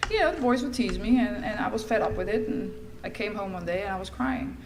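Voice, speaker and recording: Woman, middle-aged, recovery share, candid and wry, mid-pitched voice, faint background noise. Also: expressive, quick pace. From Netherlands. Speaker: recovery meeting speaker. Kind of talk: personal recovery testimony.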